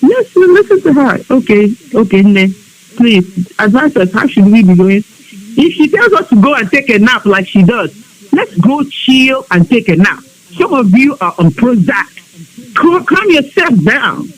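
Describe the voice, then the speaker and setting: A woman's voice: medium pitch, a little mellow, rough recording. A woman speaking emotionally to a women's group on a live online broadcast, pleading with them and scolding them by turns. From Biafra region of Nigeria. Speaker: women's group member addressing an online audience. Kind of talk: impassioned exhortation.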